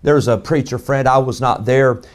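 A man, preaching a sermon as pastor, rising loud on key lines and dropping to a low hush for emphasis. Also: steady tone, normal speed. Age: 40s.

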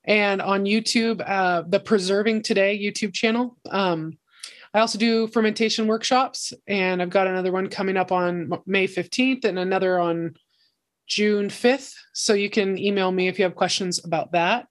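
A woman guesting on a casual podcast chat, friendly and quick to laugh. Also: medium pitch, fairly even intonation.

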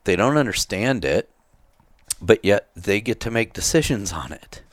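A man's voice: on the low side, expressive, moderate pace, no room sound. A man in casual conversation who speaks bluntly, swears freely and acts out the people in his stories. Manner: blunt, profane storyteller who acts out quotes. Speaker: podcast co-host. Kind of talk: casual chat.

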